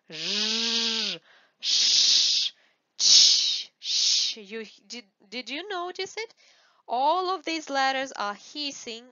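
A woman with a Russian accent, whose first language is Russian, teaching a beginner language lesson with slow, patient explanations. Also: on the high side, fairly bright tone, dry recording, highs cut off.

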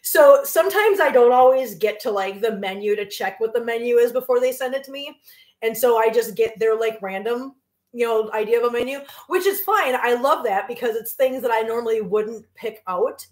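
Middle-aged woman, home cooking-stream host, rambling and friendly, slightly high voice, echoey kitchen. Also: normal speed. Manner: chatty, rambling, laughs often, coos at her cats. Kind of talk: casual chat while cooking live.

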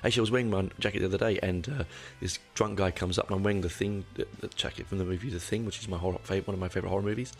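A very deep-voiced man with a gravelly, creaky edge talks through a casual solo podcast episode. He rambles, doubles back on himself often and swears offhandedly. Faint guitar music plays underneath. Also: steady tone, very fast, hardly any pauses. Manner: rambling, with frequent restarts and swearing. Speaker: podcast host.

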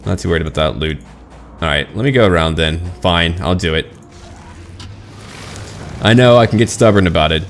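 Deep-voiced chatty man playing a game. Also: moderate pace, pauses often, a little hiss or hum. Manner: chatty, self-mocking, animated. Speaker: gaming channel host. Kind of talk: casual gameplay commentary.

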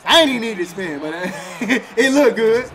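Here a man's high voice moves a little fast as he streams a football video game. He laughs, uses slang and trash-talks with energy, giving the kind of casual commentary a gaming streamer offers.

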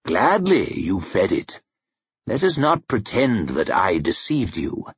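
Man playing arrogant ruthless old wizard, measured, lively pitch, dull dry sound. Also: husky, dry recording, full character voice. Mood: cold. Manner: haughty, measured, menacing. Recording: dry muffled recording.

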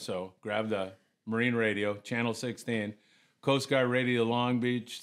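This older man's voice is fairly low and moderately paced. A former commercial fisherman, he recounts stories on a casual podcast, lively throughout, and acts out what others said by raising his voice.

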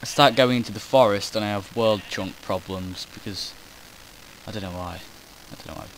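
Speaking at a moderate pace in a lowish voice, a man gives wandering commentary over gameplay footage he recorded himself. He drops his train of thought, interrupts himself, and swears in a casual way. There's noise in the background.

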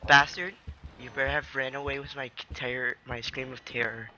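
A man playing a horror game, joking around and shouting in mock panic as he commentates. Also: mid-range voice, fairly even intonation, fairly quick, muffled recording, a little hiss or hum. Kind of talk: let's play commentary.

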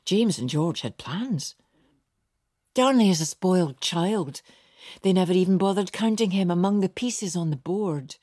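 A woman with a husky, slightly low voice reads a historical novel at an unhurried pace. Her tone is dark and mellow, and the recording is dry and close, with no room sound. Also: expressive, no room sound. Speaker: audiobook narrator. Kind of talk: scripted narration.

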